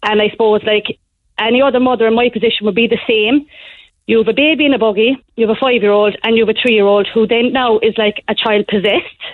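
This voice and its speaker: A young woman calling in to a radio show, telling a story in an animated, breathless rush. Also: a little high, quick pace, no echo. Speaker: caller. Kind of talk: phone-in call to a radio show. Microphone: phone. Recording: tinny phone line.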